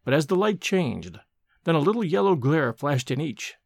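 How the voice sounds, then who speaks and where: Casting: male storybook narrator, gravelly tone, lively pitch, dry close sound. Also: dry recording. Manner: expressive, measured storytelling. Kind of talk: scripted narration of a gothic story.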